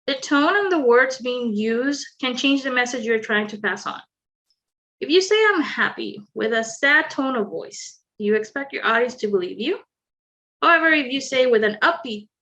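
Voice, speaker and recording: A woman leading an online communication skills workshop, explaining clearly and adding light humorous asides. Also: on the high side, fairly bright tone. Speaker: workshop presenter. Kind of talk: online training presentation.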